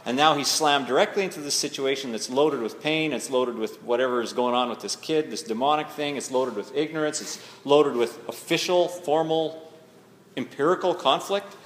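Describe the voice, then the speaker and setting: A man preaching a sermon in a conversational, reflective way, building to emphatic readings of scripture. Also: mid-range voice. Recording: echoey hall with faint ambience.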